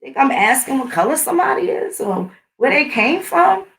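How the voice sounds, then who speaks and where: A woman's voice: sits high, sing-song, moderate pace, creaky, a bit bright, recorded from a distance. A middle-aged woman hosting her own channel, talking in a blunt, combative, profane casual rant. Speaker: channel host. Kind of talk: casual ranting monologue.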